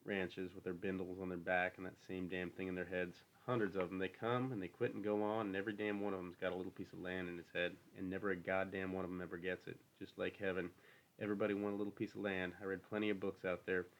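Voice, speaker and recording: A man's voice: deep voice, level tone, fast talker. A man reading the part of a lonely, bitter older stable hand who talks in a brooding, needling rural drawl. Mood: scornful.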